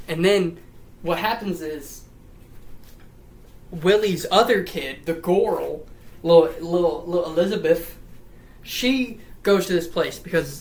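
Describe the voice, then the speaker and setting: A woman's voice: low voice, darkish tone, rough recording. A woman rambling through a profane, comedic retelling of a story. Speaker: lore storyteller.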